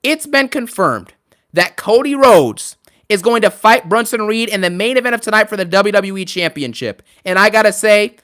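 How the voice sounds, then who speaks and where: Bright-voiced man ranting on a live stream. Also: sits high, moderate pace. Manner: animated, sarcastic, emphatic.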